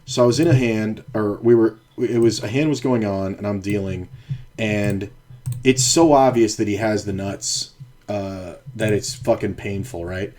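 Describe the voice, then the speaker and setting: A man's voice: fairly low pitch, measured pace, a little mellow. A man streaming online poker, telling a rambling, profane story from his dealing days in a casual chat. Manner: rambling, profane, restarts sentences. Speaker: poker streamer and former card dealer. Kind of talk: casual storytelling while playing.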